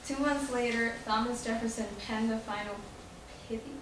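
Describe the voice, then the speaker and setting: A female student reading a passage aloud in class, careful and halting over hard words. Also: fairly high pitch, steady tone, noisy background. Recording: echoey classroom from far off.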